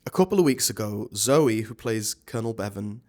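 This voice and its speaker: A man, a stage actor, talking as a guest in a casual interview, animated and chatty with many restarts. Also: fairly low pitch, a little fast.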